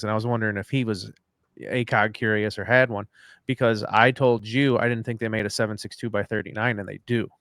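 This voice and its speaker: A man's voice: fairly low pitch, steady tone, fast talker, a bit bright, smooth, no room sound, clean studio sound. A man co-hosting a live podcast, chatting loosely and rambling, swearing casually. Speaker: podcast co-host. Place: at home after dinner.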